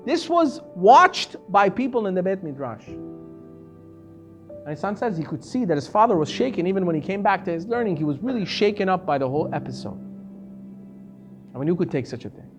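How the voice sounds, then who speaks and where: Animated rabbi telling a story. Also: male voice, brisk, long pauses, soft background music. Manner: animated storyteller, acting out quoted voices, pitch swinging from soft to loud. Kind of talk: storytelling lesson.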